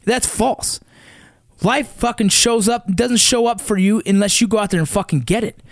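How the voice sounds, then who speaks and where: A man's voice: high-pitched, normal speed, dry recording, clean studio sound. A man in his thirties from the San Fernando Valley, a father giving a blunt, intense, profane motivational rant that hammers points home through repetition. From San Fernando Valley, California. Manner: blunt and intense, heavy swearing, repeats for emphasis. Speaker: father of young athletes.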